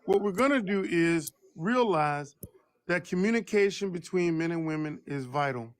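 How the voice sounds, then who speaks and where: A married man with a baritone voice co-hosting a live stream chat, lecturing emphatically and slowing down to stress his points. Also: expressive. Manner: preachy, emphatic, slow for stress.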